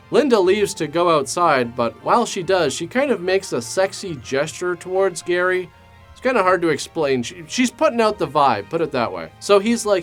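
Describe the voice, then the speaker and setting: Sarcastic man with a lively voice. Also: high voice. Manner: sarcastic, deadpan asides. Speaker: movie review host. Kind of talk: comedic movie commentary.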